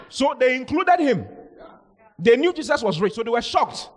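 A male pastor preaching a lively sermon, reading scripture and acting out the people in it, sometimes shouting. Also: very high-pitched, normal speed. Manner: animated, shouting out and acting out Bible characters.

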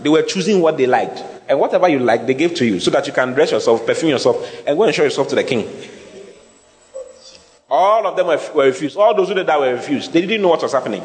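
A man preaching a sermon and teaching Bible words, speaking in an animated way, spelling out terms and laughing often. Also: on the high side, fast talker, big-room sound.

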